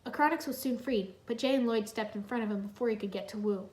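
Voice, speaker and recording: A woman's voice: fairly high pitch, quick pace, a little mellow. Woman narrating with a roomy echo. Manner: plain storytelling narration. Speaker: reader. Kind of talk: reading a fan story aloud.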